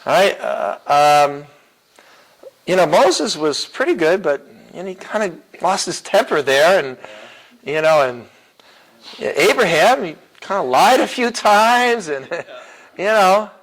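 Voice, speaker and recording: A man's voice: high voice, very animated, slow pace, fairly bright tone, poor audio. Chuckling man teaching a church class. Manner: casual and chuckling, many fillers and restarts. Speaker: apologetics teacher. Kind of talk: classroom lecture.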